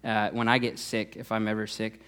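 A man's voice: fairly low pitch, completely flat delivery, moderate pace, a bit bright, smooth. A man who is a youth pastor, preaching a sermon in a conversational way, with frequent "uh" fillers and restarts.

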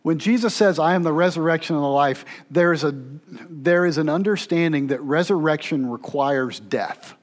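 Man, pastor, sermon, high-pitched voice, dramatic, loud then hushed. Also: normal speed, hardly any pauses. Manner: dramatic, swings between loud intensity and hushed near-whispers.

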